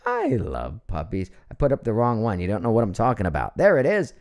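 A middle-aged man from Ohio hosting a casual live stream at home, chatty and animated, reading out viewer comments with frequent laughs. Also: lowish voice, brisk, vocal fry. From Ohio, USA.

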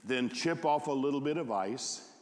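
A man voicing a patient, kind woman telephone operator who speaks softly and quietly. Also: medium pitch, animated, moderate pace, lightly acted. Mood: gentle. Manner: soft-spoken, quiet. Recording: echoey hall.

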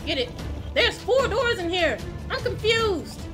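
Woman gaming host, high and animated, casual slangy play-along banter with yelps and curses; game music running clearly behind her. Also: unhurried. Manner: excitable, loud reactive yelps and cursing. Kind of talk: let's play commentary. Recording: game music playing loudly underneath.

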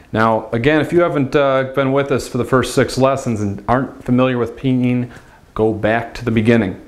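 A young man teaching a whiteboard lesson, patiently repeating words and swinging his pitch widely to demonstrate sounds. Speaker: language teacher.

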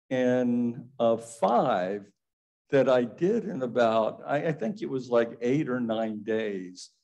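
A man's voice: mid-range voice, darkish tone, rough recording. A male pastor giving a sermon, telling a personal story in a reflective way.

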